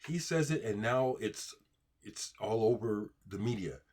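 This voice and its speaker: Speaking unhurriedly in a darkish, lowish voice with lively intonation, an American host answers viewer comments directly to camera, with slight background noise. It's an unscripted, heated rant, emphatic and frustrated, full of restarted sentences.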